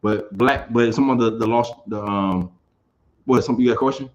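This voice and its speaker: A man's voice: mid-range voice, a little fast, highs cut off. A man teaching an informal scripture class. He talks emphatically, repeats his phrases and keeps asking whether his listeners understand.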